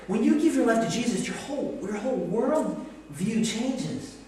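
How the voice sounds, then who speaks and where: A man in his forties preaching a sermon, animated and acting out quoted voices as he goes. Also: extremely high pitch, moderate pace, a little hiss or hum. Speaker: pastor. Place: church sanctuary. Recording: echoey church hall mic from a distance.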